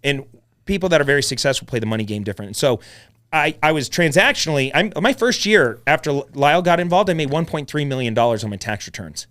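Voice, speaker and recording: A man guesting on a podcast with a slightly raised pitch. He tells his story bluntly and with energy, dropping curse words as he goes. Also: fast talker. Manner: blunt, swears freely, animated retelling. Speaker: podcast guest, real estate investor. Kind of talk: casual storytelling chat.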